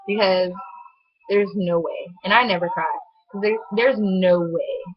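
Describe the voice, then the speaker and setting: A young woman telling a personal story to camera in a chatty, animated way, full of "like" fillers. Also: medium pitch, moderate pace. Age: young adult. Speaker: vlogger. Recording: dull lo-fi sound.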